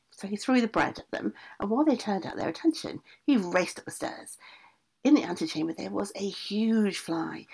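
Lively, husky woman reading a fairy tale. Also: medium pitch. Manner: lively, with casual asides. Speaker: storyteller.

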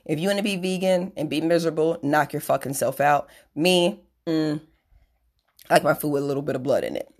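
A woman's voice: low-pitched, brisk. A young adult woman hosting a podcast, ranting in a blunt, sarcastic, profane way with self-deprecating asides. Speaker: podcast host. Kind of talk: profane solo rant.

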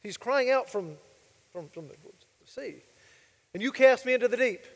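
A man's voice: very high voice, animated, normal speed, long reverb tail. A male pastor preaching a sermon, emphatic and full of rhetorical questions to the congregation.

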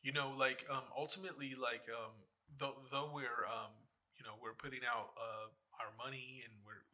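Husky laid-back man, bright tone. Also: medium pitch, fairly even intonation, normal speed. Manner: laid-back, rambling with fillers. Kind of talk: casual podcast chat.

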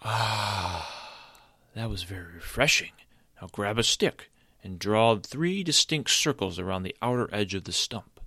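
A man's voice: lowish voice, lively intonation, a little slow, bright, forceful tone, breathy edge, no room sound, studio quality, exaggerated voice. A man playing a commanding old stump wizard.

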